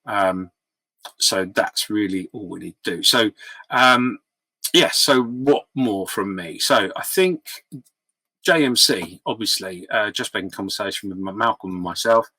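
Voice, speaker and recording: A man's voice: on the low side, unhurried, sharp tone, no room sound, low-quality recording. A man giving a casual update to his followers as a model-building vlogger, rambling with lots of ums and restarts, candid and apologetic. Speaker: scale-model hobby vlogger. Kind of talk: casual update talk to camera. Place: home hobby room by his model shelf.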